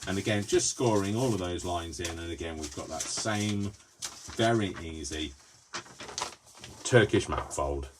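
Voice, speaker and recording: A man's voice: low-pitched, measured pace, background noise. A man hosting a live paper-folding craft demonstration, chatty and giggly, tired and giddy from lack of sleep, often talking to himself as he works. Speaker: crafting video host.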